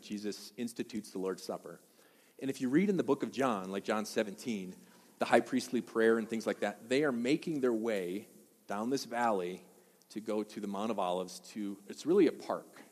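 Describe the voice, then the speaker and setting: Fast-talking pastor guy, kinda low voice, sermon in a big echoey church. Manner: fast, conversational, loud bursts. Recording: long hall reverb.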